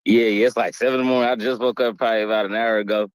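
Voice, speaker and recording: A man joining a live chat as a guest, relaxed and friendly, talking in upbeat slang. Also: on the low side, rapid-fire, clean tone, no echo. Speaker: guest tattoo artist. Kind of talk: casual chat.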